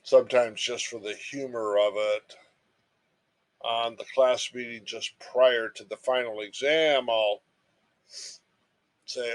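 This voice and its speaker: A man's voice: mid-range voice, steady tone, takes it slowly, long pauses. A man giving a recorded lecture, telling everyday stories in an emphatic, storytelling way.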